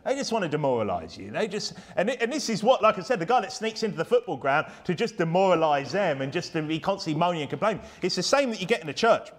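A man's voice: sits high, sing-song, fast talker, hardly any pauses. A man preaching a sermon in a church, talking in a chatty way and often ending points with rhetorical tag questions. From United Kingdom. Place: church hall.

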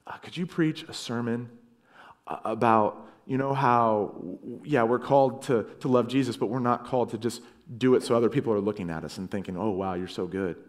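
Middle-aged pastor guy preaching, earnest, goes loud then drops way down soft. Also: a little fast. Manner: earnest, swings between loud emphasis and quiet lows. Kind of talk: sermon.

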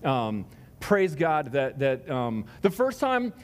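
A man's voice: mid-range voice, very animated, takes it slowly. A man speaking as pastor, giving casual announcements to his congregation in a rambling, self-deprecating way full of tangents. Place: large church hall before a congregation. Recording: long reverb of a large hall.

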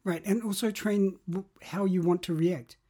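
A man's voice: high-pitched, fairly even intonation, normal speed, warm tone. A man talking through how to change habits in an interview, reflective and explanatory, often restarting his sentences. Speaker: guest.

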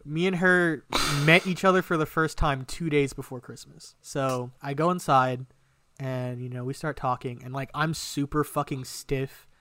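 A man's voice: mid-range voice, measured pace, no echo. Young man telling a story, dry sound. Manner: rambling, swears a lot, animated retelling. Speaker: podcast co-host. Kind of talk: casual storytelling chat.

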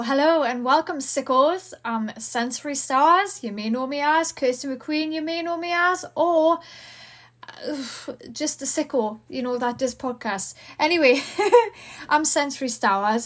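High-voiced excitable Geordie woman. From Newcastle, England. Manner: excitable, fast and gushing. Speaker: podcast host. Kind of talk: casual podcast chat.

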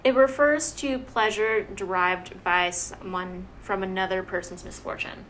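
A woman who is not a native English speaker, co-hosting a podcast in casual chat and enunciating clearly. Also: medium pitch, fairly even intonation, unhurried, fairly bright tone, a little hiss or hum, low-quality recording. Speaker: podcast co-host.

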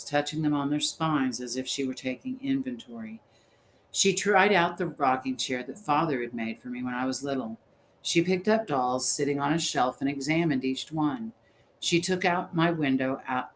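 A man reads a storybook aloud in the first person, at a measured, steady pace. His voice sits at a middle pitch, and a faint hiss runs under it. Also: low-quality recording. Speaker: audiobook narrator.

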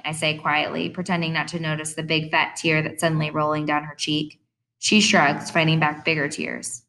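A woman reads an audiobook in the first person, with an expressive, reflective storytelling manner. Her voice sits a little lower than most women's. She shifts easily between narration and quoted speech. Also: a little fast.

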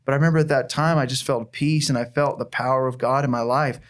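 An earnest man of average pitch tells a heartfelt personal testimony as a church planter. He talks through his story with frequent restarts, plain and sincere. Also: steady tone, quick pace, a bit bright.

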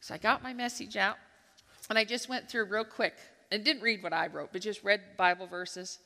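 A woman giving a devotional talk at a church gathering, telling a lively personal story and acting out her own thoughts as she goes. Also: medium pitch, moderate pace, vocal fry. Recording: long hall reverb.

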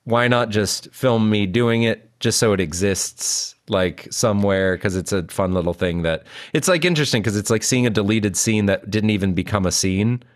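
Low-voiced giggly young man. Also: normal speed, few pauses. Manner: rambling, giggly, lots of fillers. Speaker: podcast co-host. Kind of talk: casual film commentary chat.

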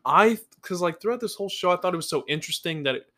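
A young man co-hosting a podcast talks in a high voice that moves up and down a lot. He is animated and critical and swears freely. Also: fast. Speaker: podcast co-host. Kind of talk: casual chat.

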